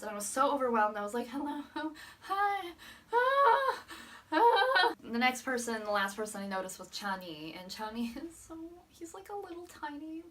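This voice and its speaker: A woman's voice: fairly high pitch, sharp tone, recorded from a distance. A young woman recapping a fan meet in a vlog, gushing, swearing a lot and laughing often. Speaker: vlogger.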